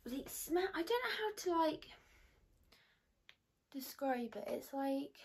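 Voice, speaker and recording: A young woman rambles to her phone camera from her bedroom, bubbly and chatty. Her voice sits a little high. She speaks, close to a phone propped on a ring light. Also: animated, slow, a little mellow. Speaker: vlogger. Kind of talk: casual chat to camera. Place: bedroom at home.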